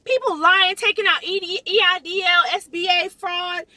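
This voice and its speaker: High, bright, fired-up woman ranting. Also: moderate pace, few pauses. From South Florida. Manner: emphatic, animated, repeats lines for emphasis. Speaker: realtor. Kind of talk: impassioned vlog rant.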